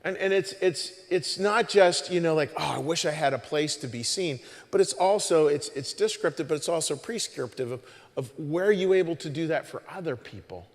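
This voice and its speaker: A man's voice: on the high side, animated, normal speed. Chatty male pastor in a reverberant hall. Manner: conversational, with many restarts and "you know"s. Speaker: pastor hosting the service. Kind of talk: informal sermon talk to a congregation. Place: church stage.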